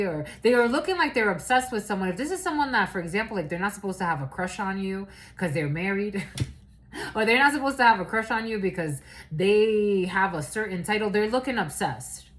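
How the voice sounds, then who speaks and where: A woman's voice: mid-range voice, a bit bright, poor audio. A woman giving a casual, rambling channeled reading, loose and profane, laughing often. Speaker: tarot reader.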